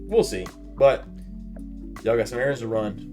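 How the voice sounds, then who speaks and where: A man in his thirties, a podcast co-host, telling a story in casual chat. He swears freely and acts out his shouted reactions. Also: mid-range voice, moderate pace, music in the background.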